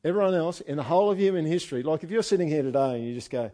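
An Australian man preaching a sermon, animated and joking, with loud asides and quiet readings. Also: mid-range voice, very fast, few pauses. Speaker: pastor.

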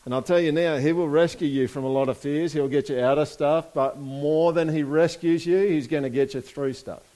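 A pastor delivers a sermon with a slightly higher-than-usual male voice. He talks casually, speaking directly to the congregation and pulling responses from the room. He reads passages aloud and then unpacks them in plain, everyday terms. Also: fairly even intonation, moderate pace, mellow. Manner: conversational preaching with audience call-and-response.

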